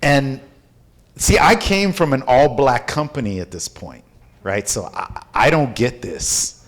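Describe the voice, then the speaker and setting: A man from Houston, a company founder telling a story in an interview, animated and acting out the people in it. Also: mid-range voice, unhurried. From Houston, Texas.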